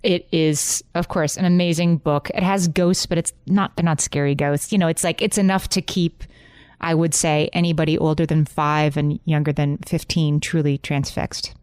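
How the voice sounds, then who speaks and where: Low-voiced woman podcast co-host, dry sound. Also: steady tone, normal speed, clean tone, no room sound. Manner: warm-humored, laughs often, playful. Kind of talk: casual chat.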